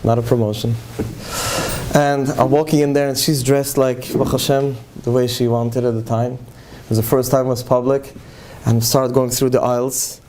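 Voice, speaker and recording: A man's voice: medium pitch, little pitch movement, moderate pace, darkish tone, slight background noise. A middle-aged man, giving an earnest, heartfelt talk to parents. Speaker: speaker addressing parents. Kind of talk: emotional talk to a live audience.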